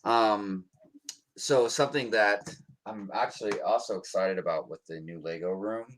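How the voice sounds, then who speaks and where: Speaking at normal speed in a lowish voice, this US livestream co-host keeps things casual and meandering, filling gaps with plenty of ums. A little hiss or hum runs under the recording.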